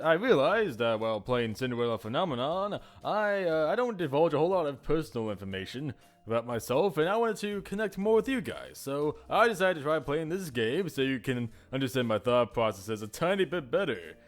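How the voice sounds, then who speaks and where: Lively-voiced man chatting to viewers. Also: on the high side, a little fast. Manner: rambling, chuckling, self-mocking. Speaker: YouTuber host. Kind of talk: casual solo chat to viewers.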